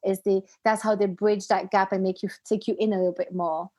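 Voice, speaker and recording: A woman whose first language is not English, hosting a podcast and telling stories in a chatty, animated way. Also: mid-range voice, brisk. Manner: chatty, animated storytelling with frequent restarts. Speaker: podcast host. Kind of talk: casual conversational interview.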